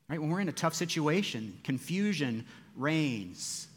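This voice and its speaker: Man preaching with swings from loud to hushed. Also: a little high, big pitch swings, measured pace. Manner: dynamic preaching, rising loud for quoted cries and dropping soft for grief; conversational asides to the congregation. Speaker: pastor. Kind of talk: sermon.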